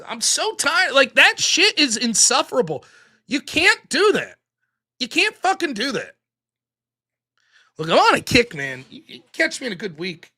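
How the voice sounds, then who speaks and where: A man's voice: very high-pitched, huge pitch swings, a little slow, pushed and bright. A man hosting a live stream, ranting casually with plenty of profanity.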